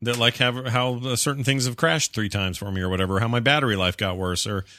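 A man hosts a casual podcast. His voice is bright and forceful, heard close and dry with no room sound. He talks animatedly and acts out the lines he quotes. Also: mid-range voice, fairly even intonation, quick pace, no room sound.

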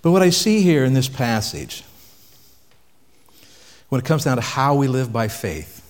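A man's voice: mid-range voice, sing-song, unhurried. A man preaching a sermon in a conversational way, asking the audience questions and dropping his voice for emphasis. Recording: long reverb from a hall.

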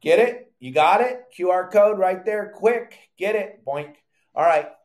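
An older man hosting a live fishing show, teaching in an animated, loud way with surfer slang. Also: sits high, unhurried, reverberant. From Southern California.

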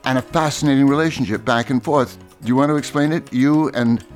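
A man hosting a literary interview, asking lively, articulate questions. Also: mid-range voice, fairly quick, hardly any pauses, soft background music. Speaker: interviewer, host.

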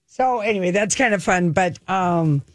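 A woman co-hosting a radio talk show, chatting and telling stories in an animated way. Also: fairly low pitch, normal speed, no echo. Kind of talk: casual chat. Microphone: studio mic.

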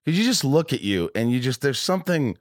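A podcast host in his forties, a man who rambles, stammering and restarting his sentences and swearing freely. His voice sits at an ordinary pitch and sounds dry and close, with no room echo. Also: big pitch swings, brisk. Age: 40s. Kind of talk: casual podcast chat.

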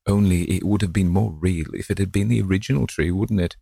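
A man with a low, husky voice voicing a prim, fussy elderly wife who scolds gently. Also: brisk, no echo, studio quality, exaggerated voice. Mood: gentle.

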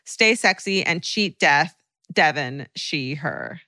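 A woman co-hosting a podcast, reading a listener's story aloud in a casual, animated way, swearing and laughing often. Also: low-pitched, slow pace, no echo. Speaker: podcast co-host.

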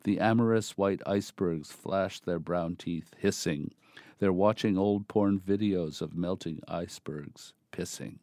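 A man reading a poem aloud in a measured, deliberate recitation. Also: low voice, mellow, no echo, clean studio sound. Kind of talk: poetry reading.

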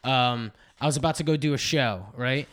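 A man's voice: medium pitch, moderate pace, a bit bright. A man hosting a podcast, ranting in a casual, profane way about wrestling and telling stories. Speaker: podcast host.

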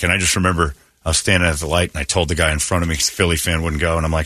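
A man hosting a morning rock radio show, telling stories in a blunt, animated way. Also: sits low, racing, hardly any pauses, no echo. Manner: blunt, storytelling, animated retelling. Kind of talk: casual talk radio banter. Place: radio studio. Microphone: studio mic. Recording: dry close studio sound.

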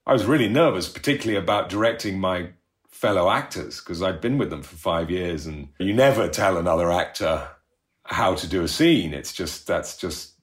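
A man's voice: sits low, lively intonation, moderate pace. A middle-aged man telling rambling, self-deprecating stories in a casual interview, laughing often. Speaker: actor recalling a show.

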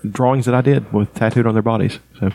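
A man's voice: medium pitch, fairly even intonation, fast, vocal fry, a little mellow, no room sound. A man chatting casually on a podcast, swearing often and laughing between points. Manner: profane, laughing, emphatic. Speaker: podcast co-host.

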